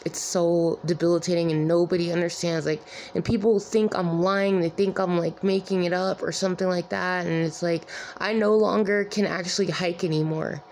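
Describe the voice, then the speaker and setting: A weary, distressed woman talking to her viewers in a rambling, halting way, with many repeated "like"s. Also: fairly low pitch, steady tone, darkish tone, a little hiss or hum. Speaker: vlogger. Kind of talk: emotional personal vlog.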